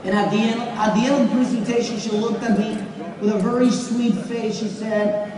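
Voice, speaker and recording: Man shouting motivation in an echoing hall. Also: high-pitched, level tone, moderate pace, noisy background. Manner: repetitive, rising to shouts, audience call-and-response. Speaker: motivational speaker at a business event. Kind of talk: motivational stage speech. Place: large event hall with audience. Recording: echoey hall from far off, crowd. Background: audience laughter and murmur.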